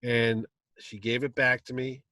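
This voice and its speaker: A man at a convention panel spins a long, animated anecdote and slips into the voices of the people in it. His voice sits at a middling pitch. The sound is dry and close, with little room around it. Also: a little slow, no room sound. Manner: lively anecdote, acting out quotes. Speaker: comic con panel host telling a story. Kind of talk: animated storytelling. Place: convention stage.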